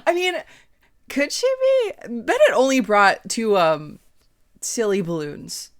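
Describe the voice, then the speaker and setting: A woman's voice: a little high, huge pitch swings, takes it slowly. A woman from the American South recapping a romance novel in a casual, sarcastic commentary with wry asides. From Southern United States. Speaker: book reviewer.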